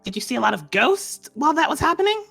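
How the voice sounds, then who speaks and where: A woman's voice: sits high, big pitch swings, fast, vocal fry, fairly bright tone, faint music behind. A woman running a tabletop game, humming and musing, asking curious questions. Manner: curious, musing, lots of hums. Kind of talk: in-character role-play and game rulings.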